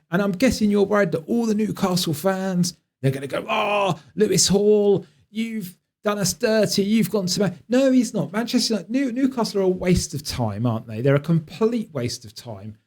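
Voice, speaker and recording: A man hosting a fan channel, reacting to clips in a mocking, animated way and talking back at the screen. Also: fairly high pitch. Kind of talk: casual reaction commentary.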